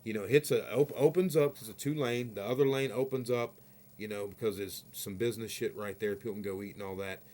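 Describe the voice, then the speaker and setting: A man's voice: lowish voice, quick pace, mellow. A man ranting in a vlog, telling a story in a rambling, profane and heated way, often asking "you know what I mean". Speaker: vlogger.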